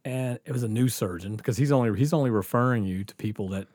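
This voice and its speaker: A man tells a story from his own life in a casual podcast chat. He acts out each person in it, drops to a near whisper, then rises into loud laughing bursts. The sound is dry and close to the mic. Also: mid-range voice, quick pace, no room sound. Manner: animated, acts out quotes, laughs often. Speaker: guest storyteller.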